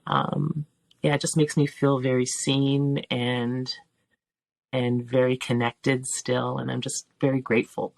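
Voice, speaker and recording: A woman's voice: extremely low pitch, flat delivery, a little slow, creaky, a little mellow, no echo. A woman in her forties, a teacher and filmmaker, talking as a podcast guest in a heartfelt, searching way with restarts. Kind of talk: reflective podcast interview.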